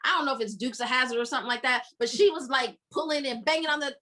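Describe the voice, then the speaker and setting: A woman hosting a casual book-club podcast, retelling scenes with lively acted-out quotes. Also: sits high, very fast. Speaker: podcast host.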